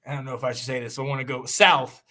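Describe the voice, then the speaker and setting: A man from the United States hosting a podcast, talking in a rambling, animated way with frequent laughs and restarts. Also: mid-range voice, fast talker. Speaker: podcast host. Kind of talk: casual chat.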